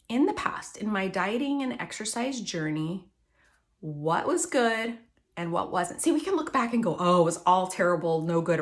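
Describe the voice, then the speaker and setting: A woman hosting a faith-based wellness podcast, coaching listeners and acting out anxious and calm self-talk. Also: medium pitch. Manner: warm coaching tone, acts out inner self-talk. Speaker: podcast host.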